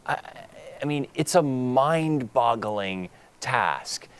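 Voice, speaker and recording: Man, co-host, earnest, rambling, lively pitch. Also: extremely slow, clean tone. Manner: earnest, rambling, many fillers and restarts. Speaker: gala co-host. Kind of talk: heartfelt live co-hosting.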